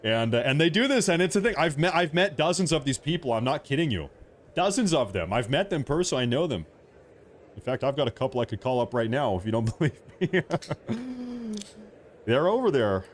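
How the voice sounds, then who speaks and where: A man's voice: medium pitch, a little hiss or hum. A man hosting a political livestream from home, talking casually, joking and repeating himself as he rambles. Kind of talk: casual live commentary.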